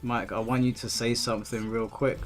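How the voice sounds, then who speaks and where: Relaxed man in his thirties, gaming stream chat, halting repeated words, loud game music behind. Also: mid-range voice. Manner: laid-back, reads chat aloud, stumbles and repeats words.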